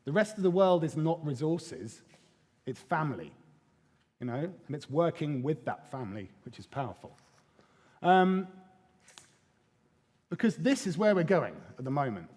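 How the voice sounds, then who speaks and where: A man speaks on stage at a conference in a fairly high voice. His delivery is lively and irreverent, with casual swearing and little acted-out quotes. The sound carries a long reverb from a large hall. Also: moderate pace, long pauses. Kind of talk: live conference talk.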